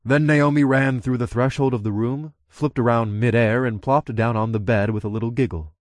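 A man narrating a first-person audiobook in a steady, relaxed storytelling voice on a close mic. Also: mid-range voice, moderate pace, no room sound.

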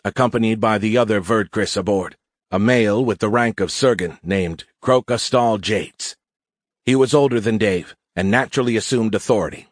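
A man reading a science fiction audiobook as narrator, in steady, even storytelling. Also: fairly low pitch, dry recording, studio quality. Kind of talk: scripted narration.

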